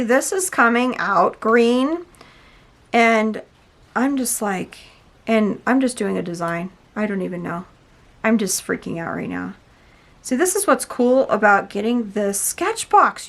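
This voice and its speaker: A woman hosting an unboxing video, chatting casually and gushing with loud exclamations as she tries a paint product. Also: medium pitch, creaky. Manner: gushing, exclaims often and addresses viewers as "you guys". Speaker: unboxing and product review host. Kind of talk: excited casual unboxing chat.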